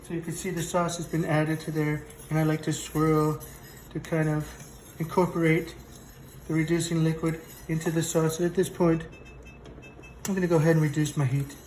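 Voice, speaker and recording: This man's voice is on the high side yet darkish in tone, level and moderately paced, with a lightly acted quality. He portrays a bragging, self-contradicting president rambling through a comic cooking show in a home kitchen. There's a little hiss or hum, lots of echo, and the mic is far away.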